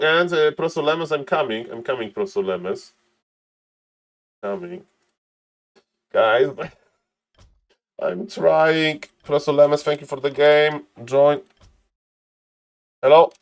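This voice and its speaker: A man casting a strategy game live on stream, excitable, laughing often and calling out to ladies and gentlemen. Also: medium pitch.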